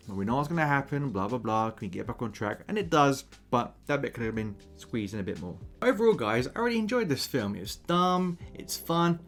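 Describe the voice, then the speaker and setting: An English man giving a chatty, animated film review on his own video channel, now and then mocking a posh voice. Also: medium pitch. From England.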